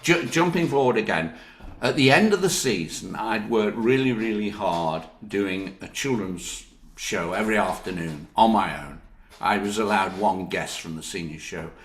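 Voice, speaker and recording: With a low-leaning voice at a normal pace, an older Northern English actor shares anecdotal stories in an interview. Lively and quick to laugh, he mimics the people he quotes; the recording has a roomy echo.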